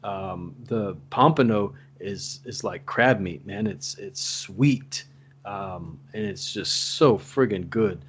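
A man in casual chat, telling stories in an animated way and laughing often. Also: fairly low pitch, slow, slightly rough.

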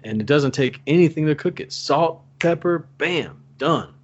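A man in casual chat, telling stories in an animated way and laughing often. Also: fairly high pitch, normal speed, dull audio.

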